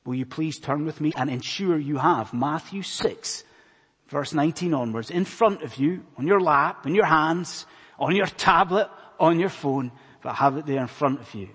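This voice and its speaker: A Scottish man preaching a sermon in church, earnest, questioning his listeners, swinging between loud emphatic phrases and hushed ones. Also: fairly high pitch, normal speed, husky. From Scotland. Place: church in a large hall. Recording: long hall reverb.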